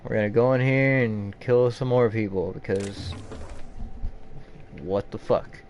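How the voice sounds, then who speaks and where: A man's voice: on the low side, a little slow, darkish tone, slight background noise. A man commentating a video game playthrough, ranting with lots of swearing. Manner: swearing, frustrated rants. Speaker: gamer. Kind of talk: gameplay commentary.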